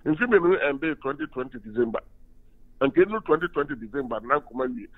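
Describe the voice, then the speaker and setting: A man's voice: a little high, very animated, fairly quick, breathy edge. A Ghanaian university lecturer and union official giving an emphatic phone-in radio interview, switching between Twi and English. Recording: tinny phone line.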